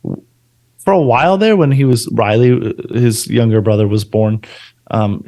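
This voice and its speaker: A man's voice: medium pitch, moderate pace, gravelly. A man in his thirties co-hosting a podcast, casually telling family stories and acting out quotes. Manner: animated storytelling with acted-out quotes. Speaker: podcast co-host. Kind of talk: casual chat.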